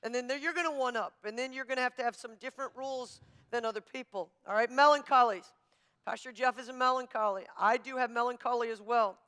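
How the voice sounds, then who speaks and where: A woman pastor teaching a marriage class in an emphatic, forceful, coach-like manner. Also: fairly high pitch, quick pace, clean tone. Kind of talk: sermon-style teaching.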